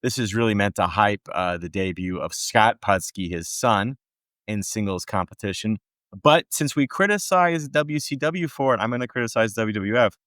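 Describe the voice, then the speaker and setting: A man co-hosting a casual podcast, giving wry, lively commentary on old wrestling shows. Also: fairly low pitch, moderate pace, no echo, clean studio sound. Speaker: podcast co-host. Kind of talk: casual recap chat.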